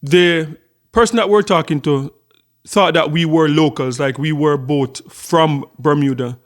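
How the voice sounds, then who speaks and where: A man's voice: fairly high pitch, measured pace. A middle-aged Jamaican man hosting a casual vlog, telling a story in a chatty way with lots of repeated words. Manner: chatty storytelling with frequent repetitions. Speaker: channel host.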